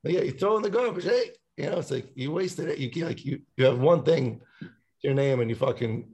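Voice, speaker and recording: Casting: gravelly-voiced male musician, rambly and profane, podcast guest. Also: on the high side, lively intonation, a little fast, a little mellow. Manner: rambling, swears a lot, sings snippets. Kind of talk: casual podcast chat.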